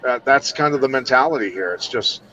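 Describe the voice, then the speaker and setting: This combat and law enforcement trainer, a middle-aged man from Iowa, speaks in a mid-range voice that's expressive, a little fast, bright and forceful. He's blunt, emphatic and heavily profane in a laid-back podcast conversation, captured with dull lo-fi audio.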